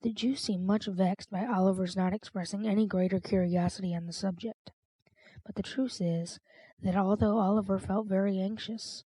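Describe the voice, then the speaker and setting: A woman reads a classic novel aloud as an audiobook narrator, with a measured, even delivery. Her voice is dark and mellow, with a husky edge. The pitch stays flat. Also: dry recording, low-quality recording. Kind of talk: scripted narration.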